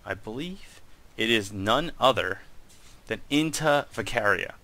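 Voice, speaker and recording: Excitable man streaming, bright tense voice. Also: on the low side, unhurried. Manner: excitable, swears freely, thinks aloud while clicking. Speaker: game streamer and corp leader. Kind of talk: casual live-stream chat.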